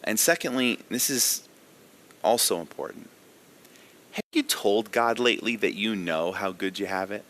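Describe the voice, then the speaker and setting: A man's voice: on the low side, expressive, normal speed, fairly bright tone. A man giving a daily devotional sermon as a pastor, earnest and emphatic, putting direct questions to his listeners.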